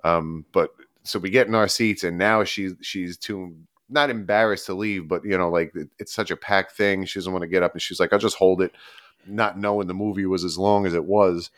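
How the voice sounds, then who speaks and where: A man co-hosting a podcast, telling a long story in a rambling, animated, casual way with frequent laughs. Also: deep voice, normal speed, dry recording, studio quality. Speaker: podcast co-host.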